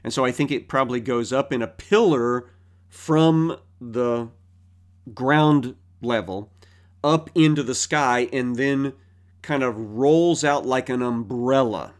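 A man's voice: mid-range voice, slow pace, smooth. A man teaching through a Bible passage verse by verse, explaining in a thoughtful way with frequent fillers.

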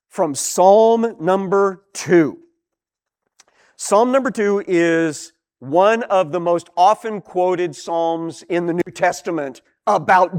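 Male Bible teacher, high voice, animated and explanatory.

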